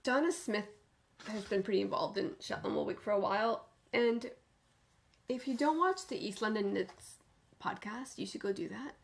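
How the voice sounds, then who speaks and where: A woman hosts a knitting podcast with casual, gushing enthusiasm, often sinking into a soft near-whisper. Her voice is mid-range and creaky, at a moderate pace.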